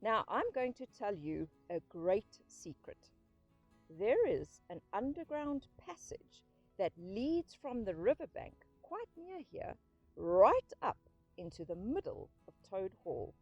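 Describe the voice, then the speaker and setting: A woman's voice: mid-range voice, big pitch swings, slow, dry recording, highs cut off, faint music behind, exaggerated voice. A woman voicing a stern old badger, thin and dry. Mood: kindly. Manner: severe, commanding, then gently soothing.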